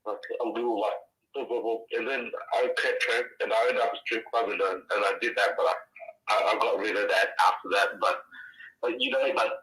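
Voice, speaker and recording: A man's voice: lowish voice, flat delivery, a little fast, bright, forceful tone, roomy sound, rough recording. A man calling in to a podcast, gushing with thanks in a rambling, filler-heavy way and repeating himself a lot. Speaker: caller. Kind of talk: casual call-in chat.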